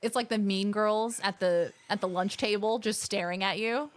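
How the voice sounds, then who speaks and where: A woman's voice: mid-range voice, moderate pace. A woman streamer playing a game live, joking and exclaiming at what happens on screen. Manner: animated, jokey, exclaiming at the screen.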